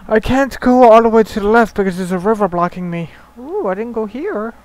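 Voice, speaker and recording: A man's voice: high voice, expressive, a little fast, a little mellow, low-quality recording. A young man chatting casually while playing a game, laughing often and swearing, jokey. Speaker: let's play player. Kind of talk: casual gaming commentary.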